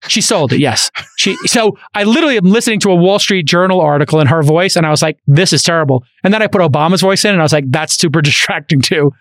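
A man hosts a podcast in loose conversation and tells his stories with energy, full of asides and restarts. His voice sits fairly high for a man. The studio sound is close and dry, with no room around it. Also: no room sound. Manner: animated storyteller, quick asides and restarts. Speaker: podcast host. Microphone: studio microphone.

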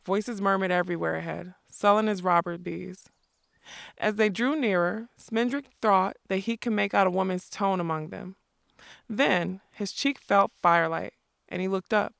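A woman's voice: medium pitch, normal speed, gravelly, no room sound, studio quality. Woman reading a novel aloud. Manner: informal, relaxed delivery. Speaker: book club reader.

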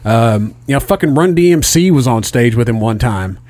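A middle-aged man telling a story in casual chat, animated and profane. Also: medium pitch, moderate pace, dry recording.

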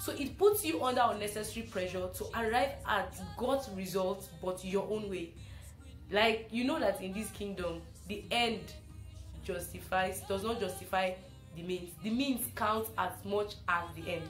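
A young woman from Africa hosting a casual spoken reflection, chatty and animated, repeating phrases for emphasis. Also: medium pitch, normal speed, roomy sound, faint music behind. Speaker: host.

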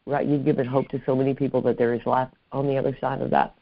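An interview podcast host talks effusively, giving warm thanks and frequently tacking "right?" onto his points in a casual chat. His mid-range voice is fast and flat with vocal fry. The audio has no echo, but the highs are cut off.

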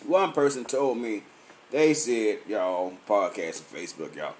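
A man's voice: very animated, a little slow. A tipsy man, rambling and cursing freely as he hosts a late-night live chat from home. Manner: profane, loose and boisterous, swings from low mumbles to loud outbursts. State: tipsy from drinking. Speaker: podcast and Facebook live host.

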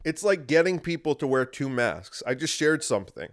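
A man's voice: a little high, big pitch swings, moderate pace. A man hosting a podcast, talking in a casual, wry and rambling monologue that circles back and repeats itself. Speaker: podcast host.

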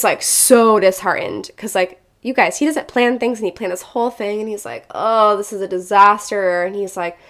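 A young woman, a teacher, casually telling viewers a personal story in a chatty, animated way. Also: mid-range voice.

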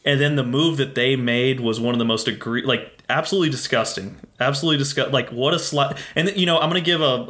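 A man's voice: medium pitch, fairly bright tone. Man, podcast co-host, profane, exasperated, casual banter.

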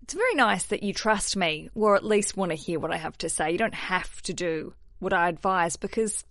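A woman with an Australian accent hosting a podcast, chatty and self-mocking, jumping between energetic bursts and low asides. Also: moderate pace, dry recording, studio quality. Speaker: podcast host. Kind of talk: casual solo podcast chat.

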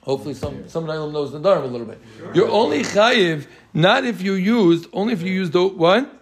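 High-voiced man teaching a Talmud class. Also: expressive, a little fast. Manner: explains with Yiddish-inflected Yeshivish terms, quizzes students.

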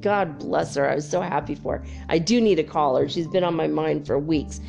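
Gravelly-voiced chatty woman. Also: low voice, fairly quick, highs cut off, soft background music. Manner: chatty, swears freely, animated storytelling. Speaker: spiritual vlogger. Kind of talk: casual chat.

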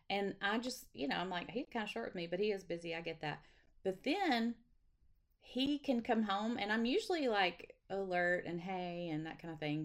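A middle-aged woman, hosting a casual devotional livestream in a chatty, folksy way with frequent laughs. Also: mid-range voice. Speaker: devotional host. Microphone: webcam or phone livestream.

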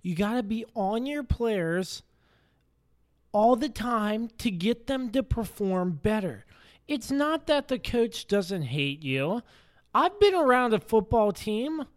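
A woman's voice: on the high side, very animated, takes it slowly. A woman co-hosting a sports podcast, opinionated and fond of rhetorical questions. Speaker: co-host. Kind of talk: casual sports chat.

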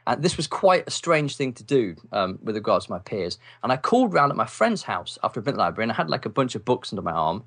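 An English man, a writer and podcast guest, telling wry stories from his youth in a relaxed interview, with lots of ums. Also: mid-range voice, fast talker, few pauses. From England. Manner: animated, wry storyteller with many ums and laughs. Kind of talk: casual storytelling interview.

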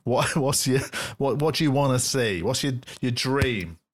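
A man's voice: medium pitch, lively intonation, unhurried. A man hosting a casual podcast, chatty and laughing as he reads out questions. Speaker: podcast host.

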